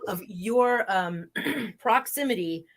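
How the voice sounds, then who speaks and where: A woman from New Jersey hosting a casual chat over a video call, speaking in a warm, halting way with restarts. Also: mid-range voice. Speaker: host.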